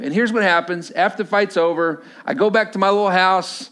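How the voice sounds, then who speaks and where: Conversational pastor preaching a sermon. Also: male voice, on the high side, expressive, normal speed, fairly bright tone. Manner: conversational storytelling, many filler "uh"s.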